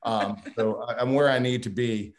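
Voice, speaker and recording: A man's voice: mid-range voice, steady tone, moderate pace, a little hiss or hum. A man giving a humorous, folksy farewell speech to a board, self-deprecating and prone to restarts.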